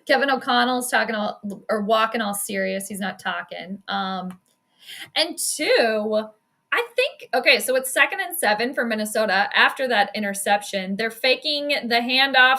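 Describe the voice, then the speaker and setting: Woman, upper-middle pitch, bright and forceful, chatty live-stream sports commentator. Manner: chatty, quick reactions, frequent laughs and self-deprecating asides.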